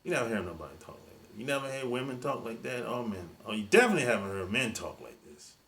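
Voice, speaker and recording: A man's voice: medium pitch, big pitch swings, fast, a bit bright, slight background noise. A man giving dating advice in a monologue, emphatic and repetitive, in casual speech with dropped verb endings. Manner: colloquial, drops verb endings. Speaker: dating coach.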